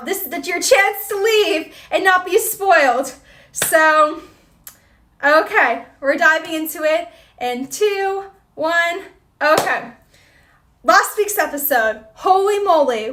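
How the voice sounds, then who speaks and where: Bubbly high-voiced woman streamer. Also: fairly bright tone. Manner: bubbly, exclamatory. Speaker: livestream host. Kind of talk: casual livestream chat, reading viewer comments.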